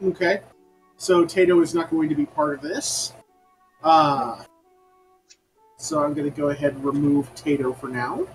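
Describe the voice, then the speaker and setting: A man narrating as game master of a tabletop game, pausing often with ums and uhs. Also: on the high side, animated, faint music behind, poor audio. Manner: halting, with many ums and uhs.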